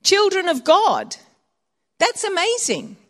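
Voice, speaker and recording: A woman's voice: very high voice, wildly swooping pitch, slow, fairly bright tone. A woman preaching a conversational sermon, telling personal stories and laughing often.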